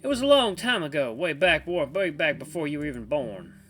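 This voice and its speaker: A man voicing a kindly old grandfather with a put-on Southern accent and a soft, reassuring drawl. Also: a little high, very animated, moderate pace, faint music behind, voice pushed up. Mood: reminiscing. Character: kindly old grandfather bartender, gentle and caring.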